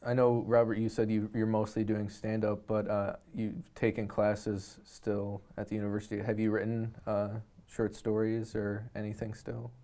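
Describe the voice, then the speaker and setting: A man's voice: fairly low pitch, monotone, normal speed, few pauses, warm tone. A man hosting a casual talk show, asking long, rambling questions of his guests. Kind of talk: casual interview chat.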